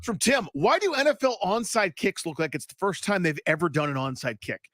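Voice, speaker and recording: High, expressive male radio co-host. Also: faint music behind. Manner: emphatic, quick opinions, does impressions. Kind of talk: casual sports talk.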